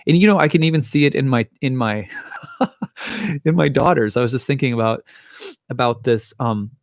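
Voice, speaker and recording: A man's voice: mid-range voice, creaky, no room sound, clean studio sound. A man in his thirties, an astrologer, giving a thoughtful personal talk with frequent restarts and small laughs. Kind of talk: reflective personal monologue.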